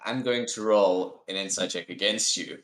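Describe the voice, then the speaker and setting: A man's voice: low-pitched, steady tone, normal speed, fairly bright tone. A man running a tabletop game as game master, calling for rolls and narrating the scene.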